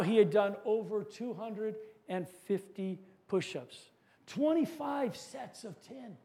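High-voiced man telling a sermon story.

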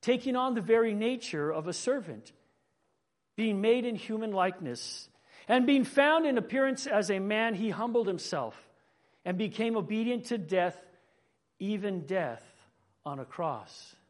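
A man's voice: high voice, lively intonation, measured pace. A man preaching a sermon in an earnest way, often repeating words as he gathers his thoughts. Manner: earnest, building and falling in emphasis; repeats words when thinking.

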